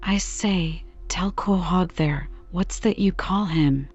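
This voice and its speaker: A woman reading the part of a gruff, hearty old sea captain who blusters, on a dull lo-fi recording. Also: fairly low pitch, slow, darkish tone.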